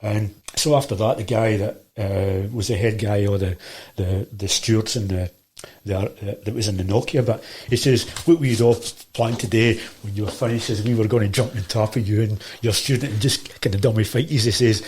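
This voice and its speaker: A man's voice: fairly low pitch, fairly even intonation, a little fast, a little mellow. A middle-aged man with a Glaswegian accent, telling rambling stories in casual conversation, full of restarts and quoted dialogue. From Scotland. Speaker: guest, martial arts teacher. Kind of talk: casual storytelling.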